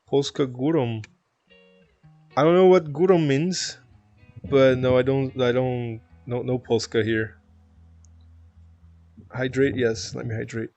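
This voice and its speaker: Canadian male streamer, chatty and loose, average pitch, close mic in a dead-dry room. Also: fairly even intonation, takes it slowly, long pauses, a little mellow, no echo, highs cut off, faint music behind. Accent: Canadian (Toronto). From Toronto, Canada. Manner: chatty, rambling, laughs often. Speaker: live streamer. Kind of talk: casual stream chat, reading chat aloud.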